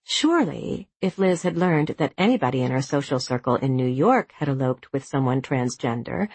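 A woman narrating a novel as an audiobook, with a measured, expressive reading. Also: deep voice, husky, dry recording. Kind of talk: scripted narration.

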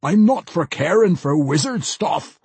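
A man plays a wild dwarf warrior with a raised, husky, barking voice and rough dialect. He snorts and huffs his lines in a close, dry storybook reading. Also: high voice, expressive, measured pace, a little mellow, no echo, voice pushed up, exaggerated voice. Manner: gruff, barking, dialect speech. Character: wild, gruff male dwarf battle rager.

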